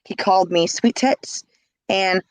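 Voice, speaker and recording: A woman's voice: medium pitch, measured pace, dry recording, low-quality recording. A woman telling her own story in casual speech, blunt and emphatic, often repeating words.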